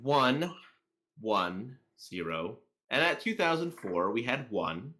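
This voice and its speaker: Bright-voiced man on a casual podcast. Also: mid-range voice, big pitch swings. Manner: reads out statistics haltingly, many fillers. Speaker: co-host. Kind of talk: casual political commentary chat.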